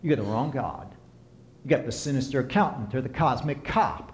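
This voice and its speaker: A man preaching a sermon and counseling as he talks, impassioned, swinging from soft to emphatic. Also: mid-range voice, lively intonation, a little fast, slight background noise. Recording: echoey room.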